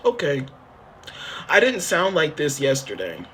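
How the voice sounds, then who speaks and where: His voice is a little high, bright and forceful, swinging hugely in pitch at a measured pace, with slight background noise. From a motel room on a phone livestream, he chats casually and half jokingly straight to viewers, rambling, repetitive, cursing freely and seeking their help.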